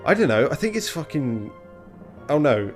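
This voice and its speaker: A man's voice: on the high side, sing-song, moderate pace, faint music behind. A man streaming a game, chatting casually and rambling, with self-mocking remarks and casual swearing. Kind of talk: casual let's play commentary.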